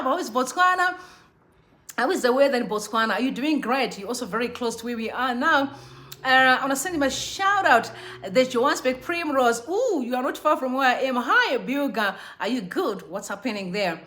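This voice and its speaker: A young woman from Zimbabwe hosts a live stream with a high, bright and crisp voice. She chats in a bubbly, animated way, greeting viewers one after another. Her tone is casual and friendly. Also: moderate pace. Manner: bubbly, chatty, shouts out viewers by name. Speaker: livestream host. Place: Johannesburg.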